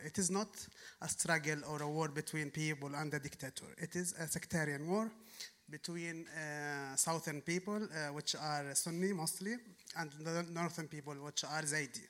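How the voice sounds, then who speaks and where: A Yemeni-accented man speaks from the audience in a bright, fairly high voice. He argues his case earnestly, pausing on fillers and half-finished words along the way. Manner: earnest, argumentative, halting with fillers. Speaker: audience member asking a question. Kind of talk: audience question at a public talk.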